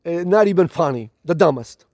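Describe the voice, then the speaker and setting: Dramatic preachy man with a high voice. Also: expressive, fairly quick, darkish tone, no echo, studio quality. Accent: non-native accent. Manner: dramatic, preachy, repeats "my galactic family"; emphatic, with restarts and repetition. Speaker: spiritual channel host. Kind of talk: spiritual monologue to camera.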